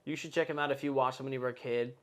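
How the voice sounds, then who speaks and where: A man's voice: mid-range voice, steady tone, racing, a bit bright. A man in his twenties hosting a podcast, talking in a casual, profane, rambling way. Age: 20s. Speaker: podcast host. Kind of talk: casual chat.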